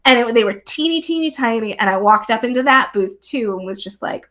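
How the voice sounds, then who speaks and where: A young woman chatting casually as a guest, bubbly and excitable, with many fillers and frequent laughs. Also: on the high side, normal speed, few pauses. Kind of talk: casual chat. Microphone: streamed live remote talk.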